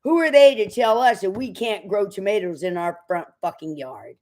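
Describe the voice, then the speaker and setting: A woman ranting defiantly into the camera, cursing and preaching, jumping from loud outbursts to low mutters. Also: lively intonation, moderate pace. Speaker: online commentator.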